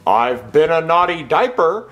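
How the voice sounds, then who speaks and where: A man's voice: fairly high pitch, big pitch swings, a little slow, fairly bright tone. A man voicing a pushy, naughty talking diaper that coaxes insistently. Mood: coaxing. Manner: coaxing, insistent, drawn out. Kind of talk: puppet comedy skit.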